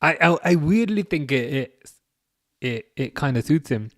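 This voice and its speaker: A man's voice: a little high, lively intonation, a little slow, fairly bright tone, dry recording, studio quality. A man hosting a football watch-along live stream, chatting loosely and answering viewer comments as he goes. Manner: loose and rambling, with frequent restarts. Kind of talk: casual live-stream chat.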